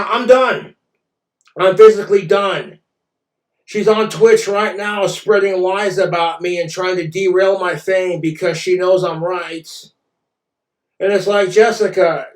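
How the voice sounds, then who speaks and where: A man's voice: sits high, roomy sound. A man ranting in a vlog monologue, aggrieved and profane. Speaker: vlogger.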